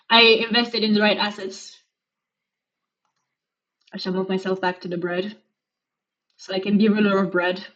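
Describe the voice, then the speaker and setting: A woman's voice: mid-range voice, flat delivery, normal speed, pauses often, fairly bright tone, dull audio. Giggly young woman, Romanian-British accent. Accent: mixed Romanian and British. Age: young adult. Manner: giggly, rambling, self-mocking. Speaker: streamer. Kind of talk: casual live-stream chat.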